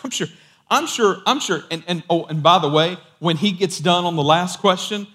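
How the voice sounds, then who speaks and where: A man preaching a sermon in a casual, animated storytelling way. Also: high-pitched, normal speed.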